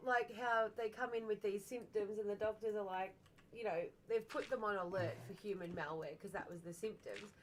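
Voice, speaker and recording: A woman's voice: mid-range voice, normal speed, slight background noise, low-quality recording. A young woman co-host in casual chat, teasing and giggling as she adds to the story.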